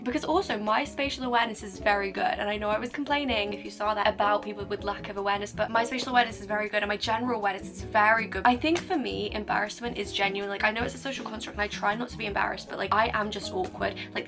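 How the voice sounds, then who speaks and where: A young woman chats to camera in a self-mocking, rambling way, breaking off her swear words halfway. Her voice has a gravelly fry to it. Music plays clearly somewhere behind her. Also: medium pitch. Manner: chatty and self-mocking, cuts off swear words mid-word. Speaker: vlogger. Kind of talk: casual chat to camera. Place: her bedroom, indoors. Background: music playing elsewhere in the house.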